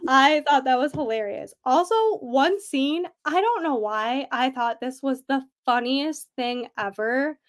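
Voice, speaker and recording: A woman's voice: high voice, a little slow, few pauses. A young woman chatting casually about a book, full of fillers and frequent laughs. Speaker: book club discussion participant.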